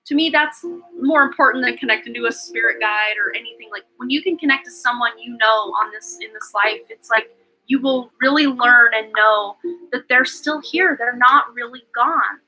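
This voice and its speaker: A woman with a high, bright voice gives a live-streamed tarot reading. She talks effusively and chattily, full of "like" and "um" fillers. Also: normal speed, soft background music, low-quality recording. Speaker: tarot reader and livestream host.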